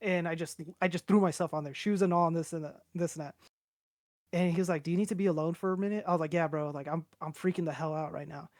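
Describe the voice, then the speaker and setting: A man's voice: fairly high pitch, fairly even intonation, fast talker, no room sound, studio quality. A young man telling a long personal story on a podcast in a casual, rambling way, swearing freely and acting out what everyone said. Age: young adult. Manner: rambling, profane, acts out quoted voices.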